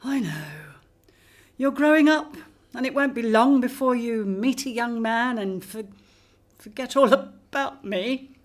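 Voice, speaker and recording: Fussy, emotional middle-aged mum in a radio play, somewhat high voice , played by a woman. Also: unhurried, close to an everyday voice. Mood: doting. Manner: doting, teary, fussing. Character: fussy emotional widowed mother. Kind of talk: radio drama acting.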